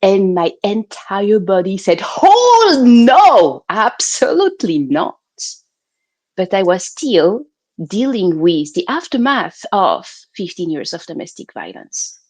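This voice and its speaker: A woman from France with a French accent, a guest chatting casually on a video-call talk show, animated and laughing often. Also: fairly low pitch, measured pace, no echo. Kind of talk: casual interview chat.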